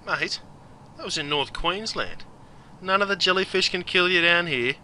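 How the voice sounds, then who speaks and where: A man with an Australian accent presenting a scripted comic lesson on slang in a blokey, mock-gruff manner. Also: sits high, moderate pace, sharp tone, slight background noise.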